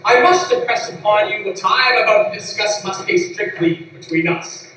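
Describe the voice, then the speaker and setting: A man's voice: sits high, animated, a little fast, pushed and bright. An actor playing a scheming frontier businessman, speaking in a grand, formal, theatrical way on a stage. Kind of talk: stage play acting. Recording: echoey hall from far off.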